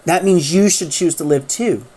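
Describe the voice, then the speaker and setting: Young woman companion, stammering, low voice; a woman reads her. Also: warm tone, breathy edge. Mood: heartfelt. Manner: halting, stammering speech. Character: young woman traveler, pained then resolved.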